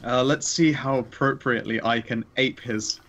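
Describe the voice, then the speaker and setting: A man's voice: medium pitch, fairly even intonation, moderate pace, a bit bright, a little hiss or hum. A man playing a tabletop horror game, chatting casually and animatedly, swearing often. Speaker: player.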